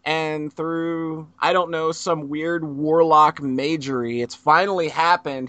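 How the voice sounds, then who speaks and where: Guy hosting a podcast, bright voice a bit high, dry close mic, jokey. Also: fairly even intonation, slow pace, few pauses, no echo. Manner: joking, teasing, frequent laughs. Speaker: podcast host. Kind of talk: casual podcast banter.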